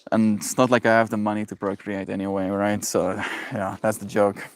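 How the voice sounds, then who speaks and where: A man's voice: fairly low pitch, level tone, moderate pace. A man on a daily livestream, chatting in a rambling, playful way, laughing often and reading viewer messages aloud. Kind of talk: casual livestream chat.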